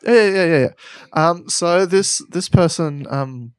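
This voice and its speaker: Aussie guy rambling thru a story on a podcast, bit high pitched, dry close mic. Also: a little slow, smooth, dry recording. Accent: Australian. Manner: rambling, playful, self-correcting. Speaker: podcast co-host. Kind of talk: comedic storytelling chat.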